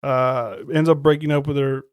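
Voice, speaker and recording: A man chats casually on a podcast, recapping a film with plenty of swearing and quick quoted bits. His voice sits in a middle register. The sound is dry and close, with no room around it. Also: mid-range voice, steady tone, clear, resonant tone, dry recording. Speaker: podcast co-host. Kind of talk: casual chat.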